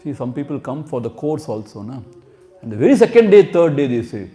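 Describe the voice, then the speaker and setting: A man's voice: fairly high pitch, very animated, moderate pace, mellow. A man teaching scripture as a spiritual teacher, explaining terms word by word and acting out quotes. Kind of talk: scripture lecture.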